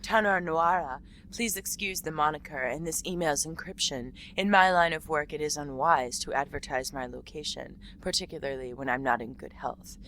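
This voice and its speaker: A woman putting on a sick alien assassin, formal and measured. The voice stays low with a bright edge. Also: a little hiss or hum, rough recording. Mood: earnest.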